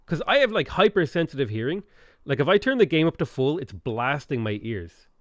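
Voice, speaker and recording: A man's voice: fairly high pitch, very animated, brisk, no echo. A man commenting casually on his strategy game for chat, speaking frankly into a close broadcast mic, swearing now and then. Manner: talks to chat, frank, swears when annoyed. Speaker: streamer playing a strategy game. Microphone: dynamic broadcast mic a fist from the face.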